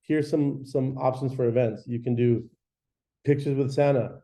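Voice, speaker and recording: A man giving a casual, energetic coaching talk to an audience of real estate agents, slangy and quick, often acting out little phone calls. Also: medium pitch.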